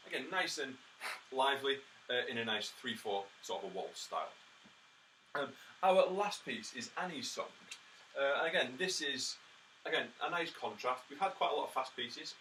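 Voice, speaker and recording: Heard on a somewhat distant mic with faint background noise, a man with a mid-range, pushed and bright voice teaches brass. He explains practice tips in a practical, encouraging way, often saying "uh" and "um," while counting beats and sounding out rhythms with spoken "ta."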